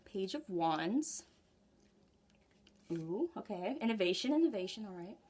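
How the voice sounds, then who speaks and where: A woman's voice: medium pitch, big pitch swings, unhurried, darkish tone, slight background noise. A woman giving a casual tarot reading at home, chatty and giggly, talking straight to her viewers. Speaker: tarot reader. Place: home room.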